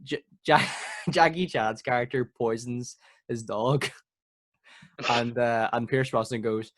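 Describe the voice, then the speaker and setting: A man co-hosting a podcast in casual chat, easygoing and quick to agree and laugh. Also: mid-range voice, no echo, studio quality. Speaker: podcast co-host.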